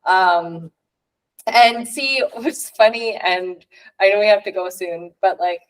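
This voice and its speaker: A woman's voice: mid-range voice, takes it slowly, rough recording. A young adult woman from Canada hosting a podcast, chatting casually with lots of fillers and laughs. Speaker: podcast host. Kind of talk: casual chat.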